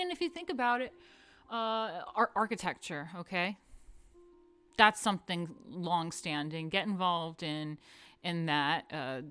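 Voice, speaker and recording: A woman's voice: lowish voice, a bit bright, clean tone. A woman hosting a casual art history lecture, chatty and swearing, often drifting into asides. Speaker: host.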